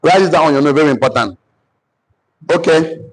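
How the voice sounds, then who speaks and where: A Nigerian man giving a motivational teaching session to entrepreneurs, mixing in faith and repeating key phrases slowly so listeners can write them down. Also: a little high, husky, rough recording. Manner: preacher-like, cites scripture. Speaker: business mentor.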